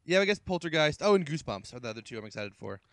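A man co-hosting a casual movie chat, laid-back and deadpan in his jokes. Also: fairly high pitch, racing.

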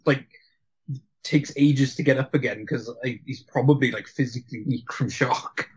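Man, husky voice, casual film chat, rambling, restarts, laughing. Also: mid-range voice, normal speed, rough recording.

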